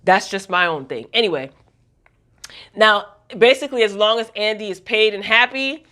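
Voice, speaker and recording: A woman's voice: mid-range voice, animated, normal speed, bright, forceful tone. A woman vlogger recapping a TV episode in a casual, gossipy way, talking straight to her viewers.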